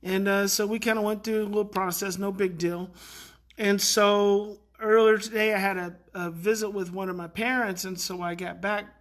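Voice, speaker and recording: Telling a story in a casual, animated way, a middle-aged parenting educator raises his voice to act out the kids' outbursts. He speaks in a high voice at a moderate pace, with many fillers.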